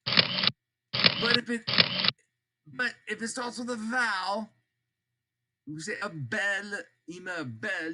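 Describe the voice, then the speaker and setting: An older man teaching a French grammar lesson, slowly repeating example words and dropping in joking asides. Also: fairly high pitch. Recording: loud background noise.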